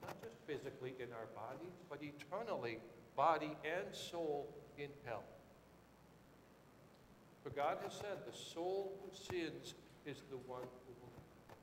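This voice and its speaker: A man preaching a sermon with dramatic swings, rising to shouted quotes and dropping low and quiet. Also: animated, measured pace, reverberant, big-room sound, noisy background.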